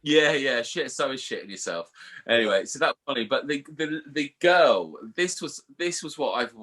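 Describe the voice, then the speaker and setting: A man's voice: medium pitch, animated, normal speed, a bit bright. A man co-hosting a podcast, telling a story in casual chat and swearing freely. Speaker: podcast co-host.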